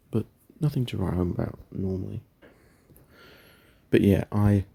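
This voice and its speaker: Young male gamer, dark mellow tone, casual rambling commentary. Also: low-pitched, gravelly, breathy edge. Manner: chatty, rambling, self-correcting. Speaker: gaming video creator.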